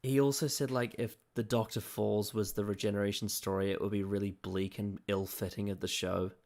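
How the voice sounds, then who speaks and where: A man's voice: lowish voice, a little fast. A man co-hosting a podcast, chatting casually and ranting animatedly with swearing and laughter. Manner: animated, swearing, laughs at his own rants. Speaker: podcast co-host. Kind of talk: casual chat.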